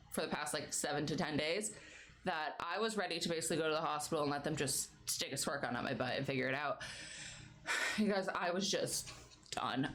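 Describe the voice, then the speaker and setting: A woman's voice: low-pitched, a bit bright. A young adult woman streamer chatting casually and laughing often between stories. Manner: chatty, giggly, baby-talks her pets. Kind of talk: casual chat.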